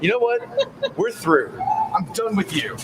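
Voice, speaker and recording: A man's voice: high voice, wildly swooping pitch, unhurried, background noise, full character voice. An actor playing a clingy, theatrical young man scolding his partner. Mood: wounded. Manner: theatrical, whiny.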